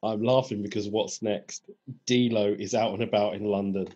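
A man's voice: lowish voice, steady tone, moderate pace, darkish tone, highs cut off. A man co-hosting a podcast, chatting casually in a laid-back way and walking through the show's events. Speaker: podcast co-host. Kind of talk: casual chat.

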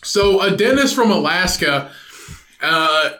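A high-pitched man with a bright, tense voice rambles through crude podcast banter, swearing freely and slipping into put-on voices for his bits. He sounds like he's in an echoey room. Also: lively intonation, unhurried. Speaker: podcast co-host. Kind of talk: crude casual chat.

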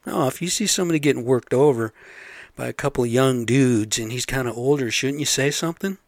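A vlog host with a mid-range voice talks briskly in a casual, profane monologue, rambling, speaking bluntly, swearing freely, and asking listeners "right?" The sound is dry and clean, like a studio.

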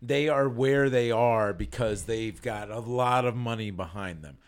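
A man talking politics with friends in an easy, rambling way. He is often sarcastic and keeps restarting his sentences as he goes. His voice sits at an ordinary middle pitch. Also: measured pace. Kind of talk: casual political chat.

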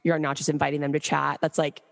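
Woman, twenties, podcast co-host, low pitch, animated, giggly, reverberant room. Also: fast, gravelly, faint music behind. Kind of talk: casual chat.

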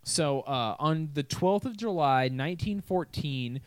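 A man's voice: fairly high pitch, lively intonation, measured pace, clear, resonant tone, no echo. A young man hosting a podcast, telling a history story in a crude, swearing, joking way. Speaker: podcast host. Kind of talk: casual comedic storytelling.

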